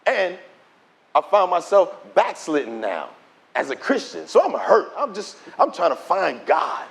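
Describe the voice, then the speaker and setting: Lively, high-voiced preacher man telling his story. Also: measured pace, gravelly. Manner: animated storytelling, acts out dialogue in quoted voices. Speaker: preacher giving testimony. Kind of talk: preached testimony to a conference audience.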